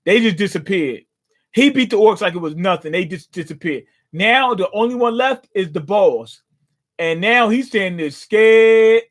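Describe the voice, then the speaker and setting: A man's voice: high voice, expressive, normal speed. A man hosting a casual live reaction, commenting in a slangy, joking way. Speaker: manga reaction host.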